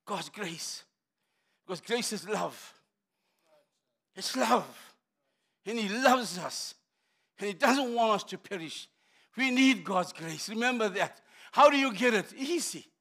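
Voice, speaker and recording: A middle-aged man preaching a sermon in a high, bright voice. He is impassioned, building to shouts and dropping to hushed, intimate tones. His delivery is forceful and direct. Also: lively intonation, slow, long pauses. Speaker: pastor.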